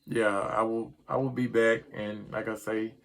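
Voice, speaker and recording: A man's voice: lowish voice, level tone, measured pace, creaky. A middle-aged man, ranting casually about his sports team in a rambling, frustrated way that trips over words. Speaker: sports vlogger.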